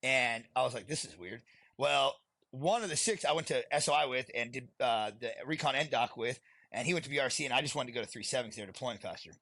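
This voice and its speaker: A man with a gravelly voice talks candidly and with plenty of swearing, as a guest on an interview show. His tone is forceful and edgy. The recording is close and dry, with no room sound. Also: mid-range voice, fast talker, no room sound. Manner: blunt and heavily profane, laughs while telling stories. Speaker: podcast guest, retired Marine sergeant.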